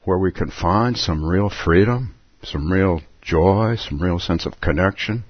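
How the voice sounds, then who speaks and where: A man's voice: sits low, a little slow, no room sound, muffled recording. A man giving a reflective Zen dharma talk, musing aloud and chuckling between thoughts. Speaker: Zen teacher.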